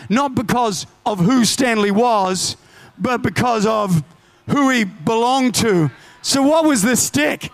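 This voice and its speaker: A man preaching a sermon, telling stories with lively asides and urgent declarations. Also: very high voice.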